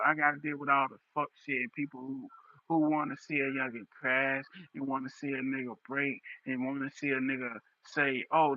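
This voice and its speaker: A man's voice: fairly high pitch, no room sound. Raw, impassioned young man, lo-fi stream. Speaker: livestreamer. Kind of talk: emotional livestream monologue. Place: livestream setup.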